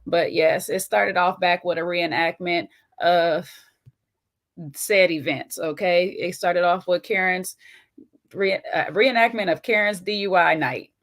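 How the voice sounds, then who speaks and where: A woman with a Southern US twang hosting a casual, slangy recap of a reality TV show, chatty and quick to laugh. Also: lowish voice, fairly even intonation, fairly bright tone. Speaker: host.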